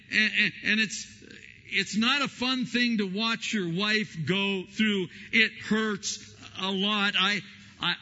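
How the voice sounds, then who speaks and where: A man preaching a sermon as pastor, telling stories and acting out the quotes with lively energy. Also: high-pitched. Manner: animated storytelling, acting out quotes. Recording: lo-fi recording in a reverberant hall.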